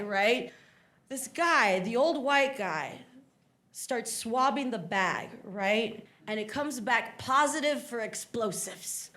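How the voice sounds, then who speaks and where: A woman from South Texas, telling stories on a comedy stage and acting out the people in them. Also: a little high. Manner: animated, acts out voices. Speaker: stand-up comedian. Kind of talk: stand-up storytelling. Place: comedy stage before a live audience. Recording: live club audience, faint noise. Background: audience laughter.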